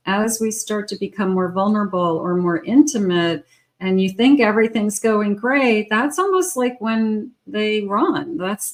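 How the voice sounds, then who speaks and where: A middle-aged woman reading love tarot cards in a loose, conversational manner. She sometimes slips into short imagined quotes as she explains what the cards show. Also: medium pitch. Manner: conversational, voices imagined lines for the person. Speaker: tarot reader.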